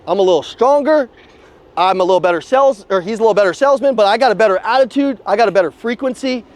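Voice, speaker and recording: Fast, high-voiced, profane male sales coach. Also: animated. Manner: blunt, profane, fires rhetorical questions. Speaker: sales trainer. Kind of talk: live motivational sales coaching. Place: outdoors at a car dealership.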